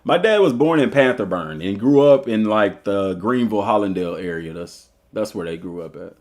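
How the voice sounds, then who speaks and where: On a live stream, a school football coach with a Southern US accent reads an article aloud, joking and chatting casually with viewers between sections. His voice sits on the low side, and he talks at normal speed with an animated, playful manner.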